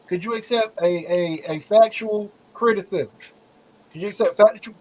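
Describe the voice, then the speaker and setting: A man's voice: sits high, rough recording. A man hosting a casual group discussion, asking probing questions and repeating them to press the point. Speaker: podcast host, discussion leader.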